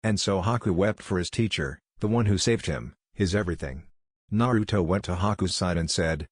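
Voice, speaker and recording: A man narrating fan fiction aloud in a steady, even reading manner. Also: deep voice, moderate pace, breathy edge, no echo, studio quality.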